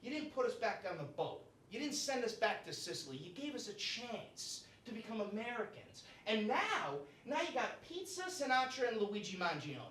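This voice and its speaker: A man's voice: high voice, bright, forceful tone. A man performing a live stand-up set in a comedy club, brash and profane, tagging his lines with "right?" and "you know?". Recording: echoey club room from far off.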